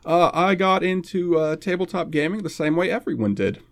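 Wry young man, lively voice. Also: on the high side, gravelly. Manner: wry, self-deprecating, halting with fillers. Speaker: podcast guest, game master. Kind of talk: casual podcast chat.

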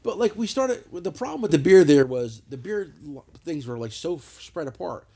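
Brief: profane, animated man, podcast host, higher-pitched voice. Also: normal speed, husky. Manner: profane, rambling storyteller. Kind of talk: casual chat. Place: lounge, lying on a couch.

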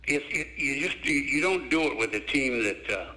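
A man's voice: medium pitch, normal speed, low-quality recording. An older man, a former basketball coach, telling stories in an interview and acting out the people in them. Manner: animated storyteller, acts out quoted voices. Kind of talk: storytelling interview.

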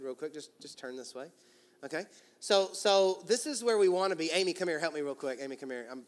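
High-voiced preacher in an echoing hall. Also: male voice. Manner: animated, acts out inner voices with quick asides to the congregation. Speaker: pastor. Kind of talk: sermon. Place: large church hall.

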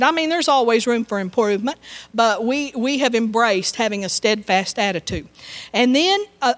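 A woman's voice: a little high, fairly bright tone. A woman pastor, preaching in a conversational, folksy way with frequent restarts. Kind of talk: sermon.

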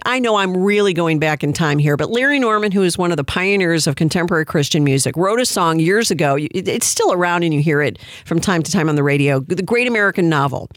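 A man's voice: sits high, a bit bright, no room sound. Sarcastic male commentator, dry close sound. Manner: mocking, incredulous, laughing asides.

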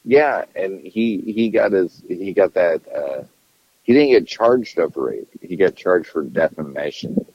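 A man's voice: sits low, animated, unhurried, slightly rough, dry recording, dull audio. A man co-hosting a podcast, chatting casually about politics in a profane, rambling way and often restarting his sentences. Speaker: podcast co-host.

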